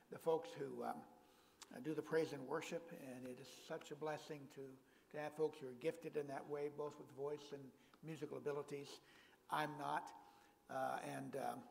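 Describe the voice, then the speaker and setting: A man's voice: a little high, creaky, darkish tone, long reverb tail, a little hiss or hum, poor audio. An older man preaching as a guest pastor in a church, speaking in a folksy way with self-deprecating humor. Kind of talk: sermon.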